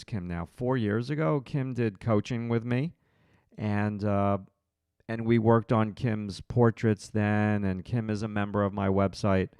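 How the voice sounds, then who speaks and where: A man's voice: lowish voice, a little mellow, smooth, no echo. A man hosting a live drawing stream, thinking aloud as he draws and chatting with viewers in his chat.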